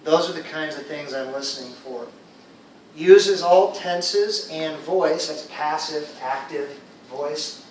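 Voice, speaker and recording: Man, teacher, fairly high voice, patient explaining, echoey room, far from the mic. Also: takes it slowly, darkish tone, slight background noise. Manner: explains patiently, checks in with students often. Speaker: ESL teacher. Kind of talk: classroom teaching. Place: classroom.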